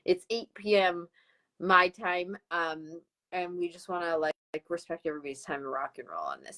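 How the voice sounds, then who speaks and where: A woman with a West Coast Canadian accent hosting a live-streamed sales pitch, upbeat and enthusiastic, talking into a computer mic on a video call. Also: lively intonation, moderate pace, a bit bright, poor audio.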